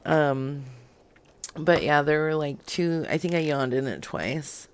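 A woman's voice: deep voice, slow pace, smooth. A young woman hosting prank calls, chatting casually, teasing and laughing often. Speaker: prank call host. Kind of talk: casual prank call chat.

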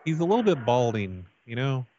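A man making a prank call in a stammering, mock-earnest voice, delivering absurd requests with a straight face. His pitch sits in an ordinary middle range. The sound is dull and lo-fi. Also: big pitch swings, a little fast, warm tone, a little hiss or hum. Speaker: prank caller host.

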